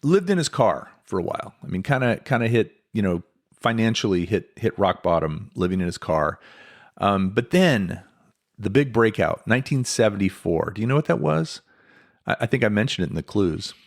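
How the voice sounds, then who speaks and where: A man's voice: on the low side, sing-song, normal speed, gravelly. A man hosting a podcast, telling a life story in a casual, chatty way with lots of asides. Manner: conversational, many fillers and asides. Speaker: podcast host.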